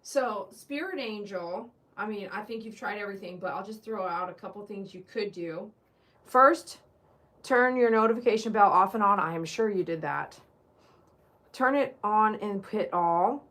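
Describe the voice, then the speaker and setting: Lady groomer yakking at her stream chat, sharp bright voice, teasing. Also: medium pitch, normal speed. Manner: chatty and teasing, talks straight to the chat. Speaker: dog groomer hosting a livestream. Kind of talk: casual livestream chat with viewers.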